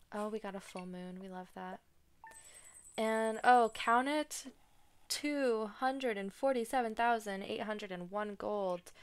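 A woman chatting casually while playing a farming video game, excitable and prone to dramatic groans. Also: medium pitch, smooth. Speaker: gaming streamer. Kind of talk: casual gameplay commentary. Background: soft game music.

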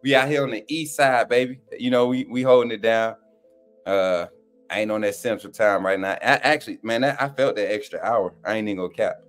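A man's voice: on the low side, steady tone, fairly quick, soft background music. A man hosting a sports fan live stream in loose, slangy casual chat, often cracking up with laughter.

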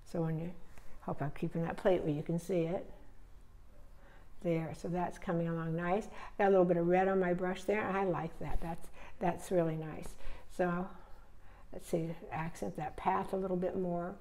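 A woman teaching painting, relaxed and thinking aloud step by step as she paints. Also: lowish voice, normal speed. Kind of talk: narrating a live painting demonstration.

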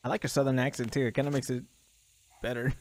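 A young man streaming reactions, talking in an excitable, rambling way and laughing between thoughts. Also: medium pitch, fast talker. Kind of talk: casual reaction commentary.

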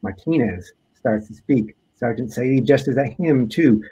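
A man, an author, reading aloud from his own book in a measured, deliberate way. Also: mid-range voice, mellow, husky, lo-fi sound.

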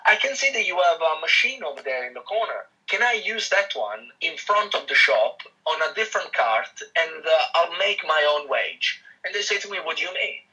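A man with an Italian accent tells his story as a guest in a casual interview. His voice sits a little high and sounds very bright and cutting, and he acts out other people's lines as he goes. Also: normal speed, hardly any pauses, slightly rough, low-quality recording. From Italy. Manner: animated, acts out quoted dialogue, frequent restarts. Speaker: guest, real estate agent.

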